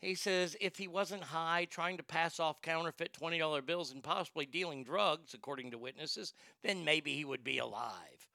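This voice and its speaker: A man's voice: fairly high pitch, normal speed, vocal fry, hardly any pauses, sharp tone, dry recording, clean studio sound. A man hosting a talk show in casual chat, blunt and profane, rambling with frequent restarts. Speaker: podcast host.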